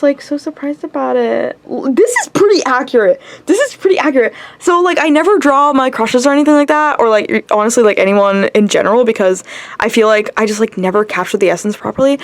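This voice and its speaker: Young woman vlogger, chatty story to camera, a little high, breaks into giggles and squeals.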